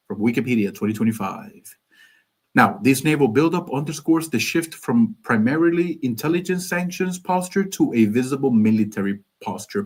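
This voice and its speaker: A man's voice: mid-range voice, a little mellow. Man, Cuban background, live stream host, rambling casual commentary, jokes, reads sources aloud.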